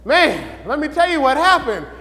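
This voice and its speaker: High-voiced man teaching a Bible class. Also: moderate pace, big-room sound, noisy background. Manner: asks the room questions, builds to excited shouts. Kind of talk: sermon-style Bible lesson.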